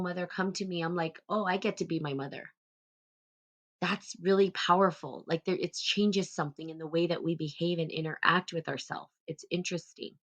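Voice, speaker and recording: A woman with a low, deep-set voice hosts a relaxed spiritual live stream. She muses gently and rambles, with plenty of fillers and restarts as she thinks aloud.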